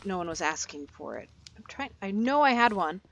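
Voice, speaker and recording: A woman's voice: mid-range voice, big pitch swings, normal speed, noisy background. Chatty, rambling young woman gamer. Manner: rambling, easily sidetracked, chatty. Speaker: gaming video creator. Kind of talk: casual gameplay commentary.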